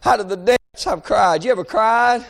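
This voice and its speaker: High-pitched, shouting preacher. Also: male voice, moderate pace, gravelly. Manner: chanting, shouts and cries out in rising bursts. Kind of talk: fiery revival sermon.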